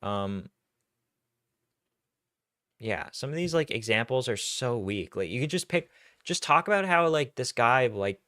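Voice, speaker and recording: A man's voice: medium pitch, expressive, unhurried, pauses often, fairly bright tone, no room sound, studio quality. Blunt man reacting to a video. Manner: blunt, crude and mocking. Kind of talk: casual reaction commentary.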